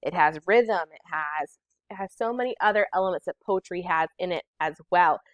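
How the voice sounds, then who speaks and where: A woman teacher giving a recorded poetry lesson to children, counting out syllables slowly and deliberately. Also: fairly low pitch, no echo, dull audio.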